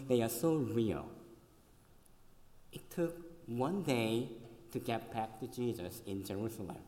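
A man's voice: fairly low pitch, mellow. A male pastor preaching a sermon, telling the story conversationally and asking the listeners questions. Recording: echoey hall with long reverb.

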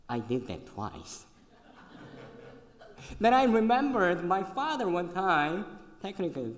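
A male pastor preaching a sermon, telling the story conversationally and asking the listeners questions. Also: fairly high pitch. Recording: echoey hall with long reverb.

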